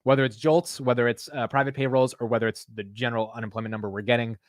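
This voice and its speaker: A man hosting a casual livestream of market commentary, animated and blunt, swearing casually. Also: mid-range voice, fast, no room sound, clean studio sound. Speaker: host.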